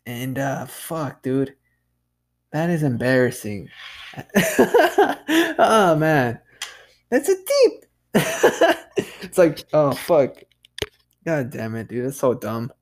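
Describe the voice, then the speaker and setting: A man hosting a casual solo podcast monologue, loose and profane, saying "dude" constantly and laughing at himself. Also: fairly high pitch. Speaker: podcast host.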